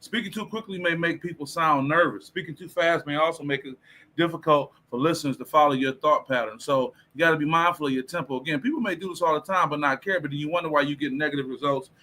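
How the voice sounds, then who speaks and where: A man from Detroit hosting a livestream, giving a casual motivational talk on tone of voice in an animated way and reading out viewer comments. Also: fairly high pitch, fast. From Detroit, USA. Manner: animated, preacher-like, reads viewer comments aloud.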